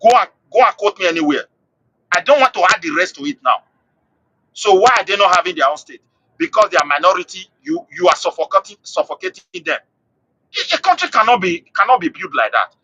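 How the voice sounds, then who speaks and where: A man calling into a live show, his voice set high and swinging widely in pitch as he pushes his case. The tone is bright and a little husky, and he keeps restarting and repeating phrases for emphasis. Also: very animated, quick pace, no room sound, highs cut off. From Nigeria. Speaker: call-in guest. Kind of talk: impassioned political commentary.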